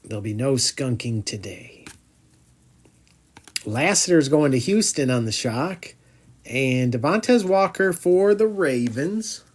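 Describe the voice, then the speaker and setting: A man's voice: medium pitch, expressive, slow, a little hiss or hum. A man hosting a live card break, chatting as he calls out each card and groaning when a pack comes up empty.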